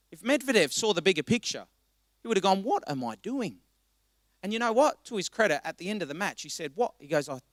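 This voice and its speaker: A male pastor preaching a passionate sermon, swinging between quiet reflection and loud exhortation. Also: sits high, no room sound, clean studio sound. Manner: impassioned, rising to loud exhortation.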